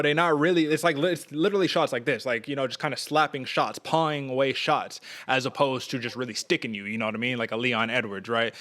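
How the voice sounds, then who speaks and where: A man co-hosting a combat sports podcast, talking casually and animatedly, often putting questions to his co-host. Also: mid-range voice. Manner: fast, animated, asks questions, acts out quotes.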